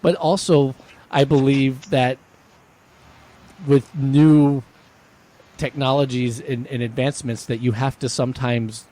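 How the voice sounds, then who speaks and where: A man's voice: mid-range voice, fairly even intonation, measured pace, pauses often, mellow. A man co-hosting a podcast, talking things through in a loose, rambling way. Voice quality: rambling, many restarts and fillers. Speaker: podcast co-host. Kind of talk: casual chat.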